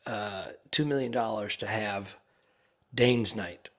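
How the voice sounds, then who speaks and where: A man co-hosting a comedy podcast, chatting casually from a quiet room in a busy guest house. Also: fairly low pitch, takes it slowly. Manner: rambling, drops to a hushed voice. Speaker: podcast co-host.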